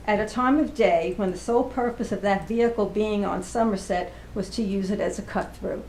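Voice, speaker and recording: A woman's voice: mid-range voice, darkish tone, slight background noise. Earnest woman reading in an echoey room. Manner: reads prepared statement, earnest and emphatic. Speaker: resident speaking at public comment. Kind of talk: public comment at a village board meeting.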